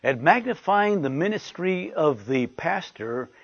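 An older male pastor preaches in a rather high, gravelly and husky voice, coming back to his points again and again. The recording is dry and a little muffled. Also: sing-song, unhurried, no echo. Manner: anecdotal, repeats phrases for emphasis. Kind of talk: sermon to ministers.

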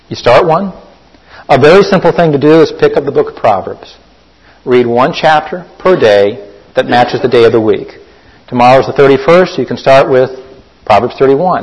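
A man's voice: fairly high pitch, a little mellow, slightly rough, low-quality recording. A man preaching an earnest sermon as a pastor, urging his listeners to act on their faith. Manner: earnest, exhorting the congregation.

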